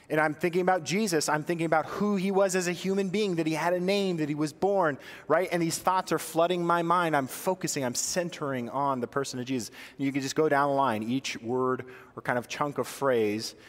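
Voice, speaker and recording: A man teaching a sermon on prayer practices, asking the congregation questions and answering them himself. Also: in a large hall. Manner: guides slow breathing prayer, drops soft and low on the repeated phrase. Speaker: pastor.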